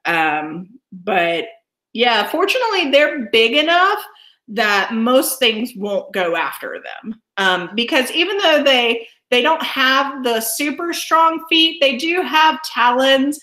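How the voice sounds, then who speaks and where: A woman's voice: sits high, sing-song, slow pace, pushed and bright, roomy sound. A woman wildlife educator giving an enthusiastic online presentation over a video call, often laughing as she explains.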